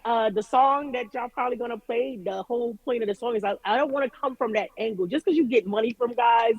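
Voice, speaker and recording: A woman guest in an interview, telling stories in an animated way, with frequent restarts and casual swearing. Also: a little high, fast, lo-fi sound. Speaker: guest artist.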